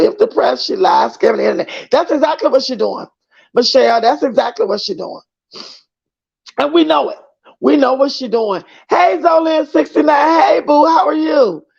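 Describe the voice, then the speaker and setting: Male livestream host: very high, raspy voice, loose gossipy chat with his viewers; muffled lo-fi sound. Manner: chatty and gossipy, greets viewers as boo. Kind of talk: casual chat reading viewer comments.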